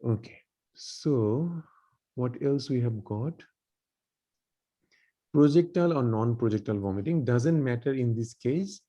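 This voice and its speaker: Man tutoring doctors, mellow voice. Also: mid-range voice, expressive, a little slow, long pauses. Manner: explains with many repeats and restarts. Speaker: medical exam tutor. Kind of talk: online teaching feedback.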